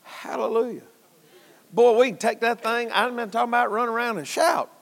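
A man preaching a sermon in a church, folksy, at times shouting and at times dropping low. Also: fairly even intonation, normal speed, vocal fry, big-room sound.

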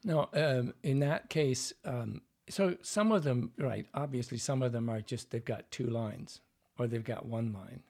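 Male dialect coach in an interview, husky mid-range voice, patient and explanatory. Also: medium pitch, a little slow, darkish tone. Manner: explanatory, demonstrates lines and sounds.

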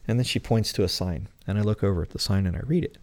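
A man's voice: on the low side, quick pace, darkish tone. A middle-aged American man answering interview questions in a rambling way, full of fillers. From United States. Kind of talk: conversational interview.

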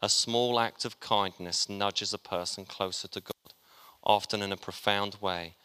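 A man's voice: lowish voice, sharp tone, clear, resonant tone. A man preaching a sermon, chatty and joking with his congregation as he talks. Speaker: pastor. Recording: long hall reverb.

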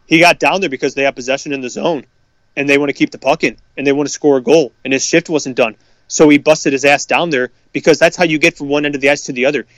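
A fired-up man with a fairly high voice goes off in a profane, heated sports rant. His voice is close and dry, with no room around it. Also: fairly even intonation, fast, a bit bright, dry recording. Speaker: podcast co-host.

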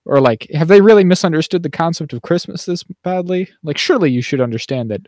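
A man co-hosting a podcast in casual chat. He laughs often and jumps higher when he acts out characters' lines. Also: lively intonation, fast, darkish tone, no echo, clean studio sound. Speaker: podcast co-host.

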